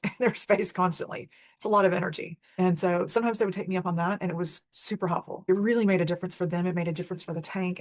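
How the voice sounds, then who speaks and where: A woman's voice: fairly low pitch, no room sound. A woman hosting a spiritual talk, telling a personal story in an earnest, candid, conversational way. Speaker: host.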